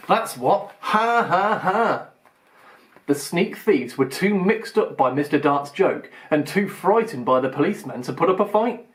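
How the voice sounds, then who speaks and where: A man reading a children's storybook aloud in an expressive, lively way. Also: a little high. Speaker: audiobook reader. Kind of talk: children's audiobook narration.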